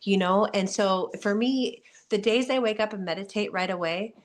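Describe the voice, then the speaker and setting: A woman's voice: medium pitch, normal speed. Earnest woman in her forties, encouraging. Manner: earnest, warm-hearted, frequent "you know" and "like". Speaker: guest athlete answering questions. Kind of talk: candid motivational talk.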